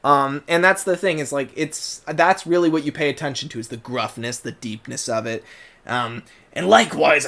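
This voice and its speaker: A man giving a casual, rambling fan commentary, full of fillers and restarts, animated, now and then breaking into character voices. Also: fairly high pitch, normal speed. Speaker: channel host, fan commentator.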